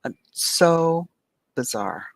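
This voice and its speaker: A woman's voice: deep voice, animated, drawn-out words, gravelly, dry recording, low-quality recording. An older woman co-hosting a casual paranormal talk stream, enthusiastic and prone to repeating herself. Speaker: paranormal investigator co-host. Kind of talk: casual chat.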